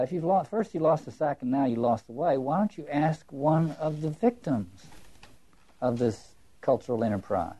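Mellow, husky man lecturing emphatically. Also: on the high side. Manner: emphatic, musing, repeats words and poses rhetorical questions. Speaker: lecturer on literature and religion.

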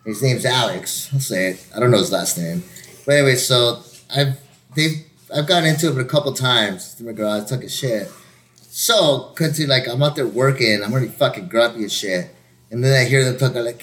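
Profane, animated man telling a story. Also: medium pitch, moderate pace. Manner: profane, animated, acts out quotes in raised voices. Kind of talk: casual storytelling chat.

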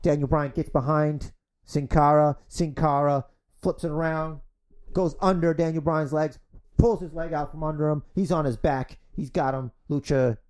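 A man hosting a podcast, calling mock wrestling play-by-play and chatting in an energetic, crude, fast-talking way. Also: on the high side. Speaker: podcast host.

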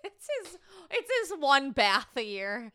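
A young woman chatting playfully as a podcast co-host. She giggles often and wanders off into rambling asides. Her voice is high and bright, and it bounces widely in pitch. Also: sing-song, a little slow, smooth. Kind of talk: casual chat.

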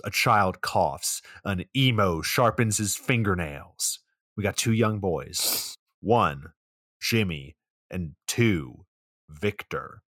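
A man's voice: deep voice, a bit bright, no room sound, clean studio sound. A man co-hosting a podcast, recapping a movie with sarcastic, profane play-by-play narration. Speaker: podcast co-host.

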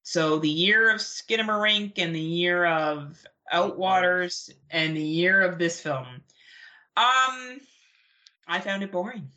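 A young adult woman co-hosting a podcast in casual chat, blunt, profane and animated as she rants. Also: fairly low pitch, slow pace. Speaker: podcast co-host.

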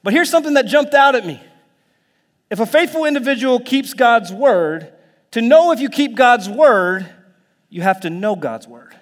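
A man preaching a sermon in a lively, conversational way, now and then dropping to a whisper or jumping to a shout. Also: very high-pitched, moderate pace. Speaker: pastor. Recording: long hall reverb.

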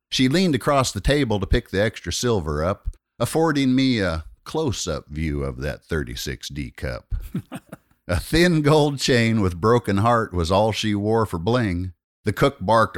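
A man's voice: on the low side, sing-song, unhurried, dry recording, clean studio sound. A man reciting a rhyming narrative poem as a storyteller, with a wry, rhythmic delivery.

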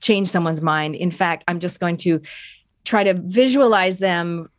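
A woman's voice: lowish voice, a little slow, no room sound, clean studio sound. A woman hosting a podcast, chatting in a reflective, enthusiastic way. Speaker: podcast host. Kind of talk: casual podcast interview.

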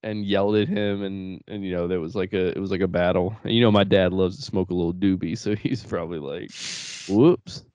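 A young man with a low voice tells family stories in a loose, rambling way, swearing freely and laughing through his words. He is recorded close on a dry podcast mic. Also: fairly even intonation, fast talker, hardly any pauses, a little mellow, clear, resonant tone, dry recording, lo-fi sound. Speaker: podcast co-host. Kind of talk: casual chat.

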